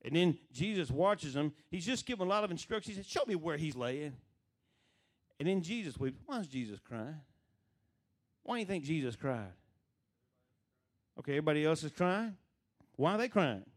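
A man's voice: on the high side, big pitch swings, normal speed, long pauses. Male preacher, conversational. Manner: conversational, questions the congregation, acts out quoted voices. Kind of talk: sermon.

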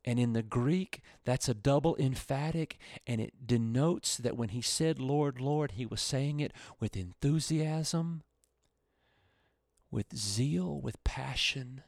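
A male pastor preaching a radio sermon, his voice swelling loud and high, then dropping low and quiet. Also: slow, creaky, no room sound, clean studio sound.

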